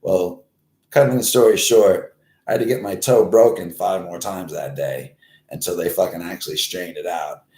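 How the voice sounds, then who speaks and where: A man in his forties who hosts his own show and tells a rambling, profane story, swearing constantly and getting animated when he acts out scenes. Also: low voice, normal speed, reverberant. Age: 40s. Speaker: host. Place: Florida, United States.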